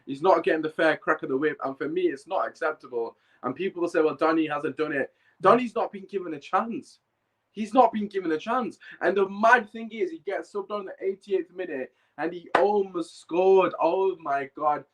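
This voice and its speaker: A man's voice: sits high, moderate pace, rough recording. A man hosting a fan podcast, heated and emphatic, repeating his points, with a bad cough. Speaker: podcast host. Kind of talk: live fan podcast rant and chat.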